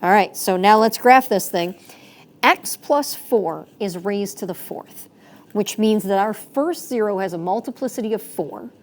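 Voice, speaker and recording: A woman's voice: medium pitch, animated, a little slow. A woman teaching a math lesson in a chatty, playful way, correcting herself as she goes. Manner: chatty, self-correcting, playful sound effects.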